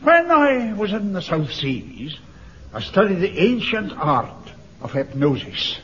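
An actor playing a dour, theatrical old soldier, speaking slowly and mysteriously. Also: male voice, high voice, sing-song, a bit bright, full character voice. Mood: dramatic. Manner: slow, dramatic, mysterious. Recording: dull lo-fi radio recording with faint hum.

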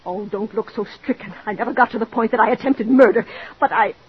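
A desperate jealous wife. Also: female voice, a little high, fast talker, breathy edge. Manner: pleading, overwrought, breathless. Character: desperate jealous married woman, Mrs. Bradley. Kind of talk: 1940s radio drama acting. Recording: dull old radio recording.

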